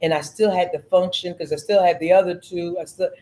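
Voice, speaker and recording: A middle-aged woman hosting a podcast, telling stories in an earnest, animated way and repeating phrases. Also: lowish voice, brisk, poor audio. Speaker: podcast host. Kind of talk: casual storytelling chat.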